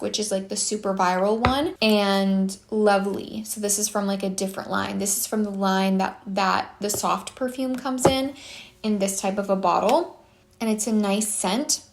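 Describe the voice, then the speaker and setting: Chatty breathless young woman vlogging. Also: mid-range voice. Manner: chatty, rambling with restarts and "like" fillers. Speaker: perfume channel host. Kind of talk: casual vlog review.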